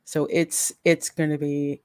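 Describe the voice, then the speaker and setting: A woman with a low voice hosts a pop culture chat at an unhurried pace. She is blunt with her opinions and breaks into laughter often. The sound is dry and close. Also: flat delivery, a little mellow, clean tone, no echo. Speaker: podcast host.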